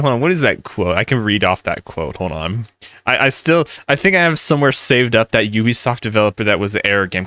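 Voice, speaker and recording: A man's voice: mid-range voice, pushed and bright, dry recording. A man ranting in rambling gaming commentary, heated and full of restarts.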